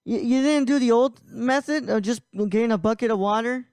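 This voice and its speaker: A man's voice: very high-pitched, fairly quick, a little mellow, clear, resonant tone, no room sound. A man hosting a casual podcast, rambling with frequent laughs and restarts. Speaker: podcast host.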